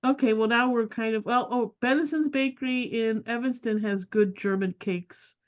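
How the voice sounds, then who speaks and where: A woman's voice: on the high side, moderate pace. A woman moderating a Q&A, chatting in a hesitant, rambling way with many fillers. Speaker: moderator reading questions. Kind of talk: casual Q&A chat. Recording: dull lo-fi sound.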